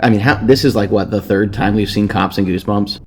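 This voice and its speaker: Low-voiced man recapping a book crudely. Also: fairly even intonation, fast, soft background music. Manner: crude, rambling, swears freely. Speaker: podcast host. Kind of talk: casual comedic book recap.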